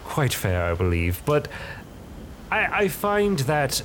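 A man's voice: on the high side, sing-song, slow pace, fairly bright tone, slight background noise, pitched above the performer's own voice, full character voice. Man putting on a purring sly spirit merchant. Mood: silky. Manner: silky, purring, mock-polite.

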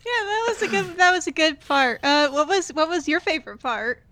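High-voiced, inquisitive woman chatting. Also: animated, fairly quick, bright, forceful tone. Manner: inquisitive, asks lots of questions. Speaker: podcast co-host. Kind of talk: casual chat.

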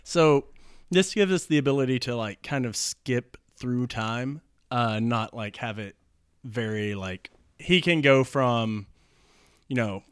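A man's voice: mid-range voice, takes it slowly, clear, resonant tone, dry recording, studio quality. Rambling man in a casual chat. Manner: rambling, full of fillers and restarts.

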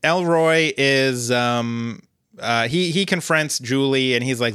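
A man's voice: medium pitch, slow pace, pushed and bright, smooth, dry recording, studio quality. A man co-hosting a podcast, recapping a TV episode in casual chat and playfully acting out the characters' lines. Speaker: podcast co-host.

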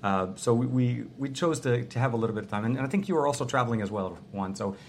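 A man's voice: mid-range voice, fast talker, slight background noise. A man co-hosting a casual tech podcast from a small hotel room, rambling and restarting with lots of fillers. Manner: rambling, restarts often, many "um"s. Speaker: podcast co-host.

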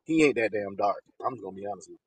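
A man co-hosting a podcast in casual chat, speaking in with loud, profane, animated banter. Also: lowish voice, rapid-fire, breathy edge, no room sound, low-quality recording. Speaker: podcast co-host.

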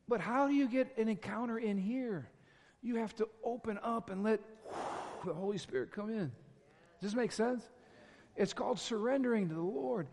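A man pastor preaching an impassioned sermon with a worship band behind him. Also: sits high. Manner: impassioned, builds from quiet to shouting. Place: large church hall with worship band. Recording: live church hall with reverb and band music.

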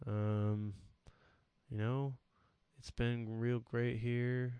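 A man's voice: mid-range voice, little pitch movement, drawn-out words, smooth, no echo, muffled recording. A young man hosting a podcast, rambling through a goofy, self-deprecating solo sign-off in casual chat. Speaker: podcast host.

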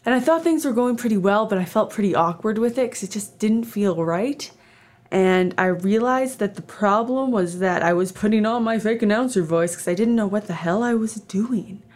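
Speaking at a normal speed, this woman has a mid-range, slightly mellow voice. She's in her twenties, comes from Canada, and runs a laid-back solo podcast where she rambles chattily, full of fillers and jokes at her own expense.

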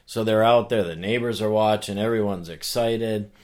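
Low-voiced man telling stories earnestly. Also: moderate pace. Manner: animated storyteller who acts out voices; earnest, with frequent restarts. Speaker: author and guest. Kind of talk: casual conversation.

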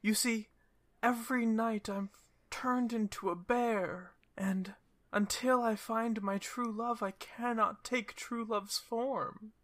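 A woman voicing a sad, gentle cursed young woman who turns into a grizzly bear, with a soft, breathy, higher voice. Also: fairly even intonation, takes it slowly. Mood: wistful. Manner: wistful and polite.

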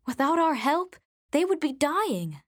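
A fervent, devout young woman, as a woman reader puts her on, pleading earnestly in a storybook reading. The voice sits high and eager. The recording is dry and close. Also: very animated, unhurried, dry recording.

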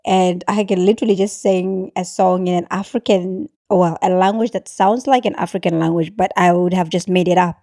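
A woman from England hosts a casual conversation, frank and quick to laugh. Her voice is mellow and warm, and the recording is dry. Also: fairly low pitch, steady tone, no echo. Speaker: podcast host. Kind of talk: casual chat.

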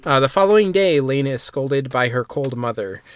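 A man's voice: medium pitch, expressive, normal speed, smooth. A man hosting a casual podcast, recapping an anime episode in a rambling way with lots of fillers and asides. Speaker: podcast host summarizing an anime. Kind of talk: casual chat.

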